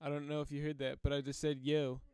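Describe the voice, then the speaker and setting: A man's voice: on the high side, level tone, quick pace, darkish tone, clear, resonant tone, no room sound. A man co-hosting a casual podcast, full of playful jokes and banter, speaking right into a close mic. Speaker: podcast co-host. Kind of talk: casual chat. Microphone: close drum mic.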